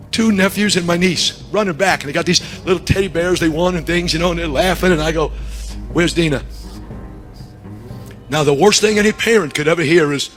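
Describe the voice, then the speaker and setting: A middle-aged man preaching a sermon through a long personal story, animated, dropping low and then shouting. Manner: animated, shifts from hushed to shouting.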